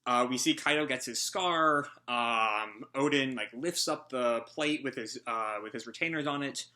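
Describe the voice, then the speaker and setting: A man's voice: medium pitch, measured pace, sharp tone. A man hosting a casual live reaction, out of breath and rambling through a hesitant recap. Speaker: manga reaction host.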